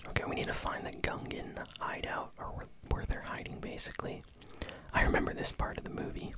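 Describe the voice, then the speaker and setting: An ASMR gaming host whispering casual, easily amused gameplay commentary while chewing bubblegum. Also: fairly quick.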